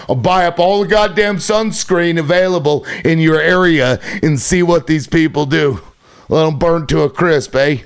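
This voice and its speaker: A man hosting a livestream, ranting with heavy swearing and sarcasm, irritated. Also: fairly high pitch. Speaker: livestream host. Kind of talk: profane livestream rant.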